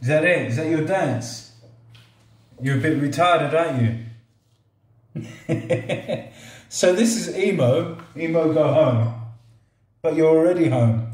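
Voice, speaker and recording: Middle-aged man, unhurried casual reviewer, joking and chatting to a gadget, recorded in a roomy echoing room. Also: a little high. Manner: relaxed, joking, talks to the robot like a pet. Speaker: product reviewer. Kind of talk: casual product review vlog. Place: indoors at a table or counter.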